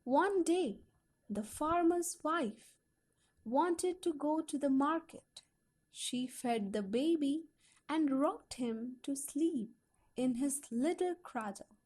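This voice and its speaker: A woman reading a school textbook story aloud slowly and carefully, putting some life into the quoted lines. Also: high voice. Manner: slow, careful storytelling with lively quoted voices. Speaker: audiobook reader.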